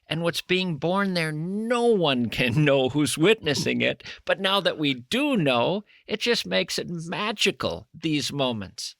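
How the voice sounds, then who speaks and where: A man's voice: fairly high pitch, very animated, measured pace, vocal fry, hardly any pauses, fairly bright tone, dry recording, clean studio sound. A man hosting a radio talk show, musing thoughtfully in long, winding sentences as he interviews a guest. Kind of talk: conversational interview.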